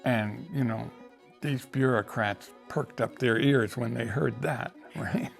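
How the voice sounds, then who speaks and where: Gravelly older man telling a story. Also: mid-range voice, slow pace, soft background music. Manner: rambling, with repeated restarts and acted quotes. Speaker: interviewee storyteller. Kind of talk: casual storytelling.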